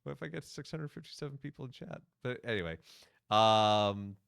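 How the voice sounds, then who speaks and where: A man's voice: fairly low pitch, expressive, normal speed, vocal fry, a bit bright, clear, resonant tone, no room sound, clean studio sound. A priest hosting a game livestream, chatting casually with his viewers and laughing often. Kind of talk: casual livestream gaming commentary.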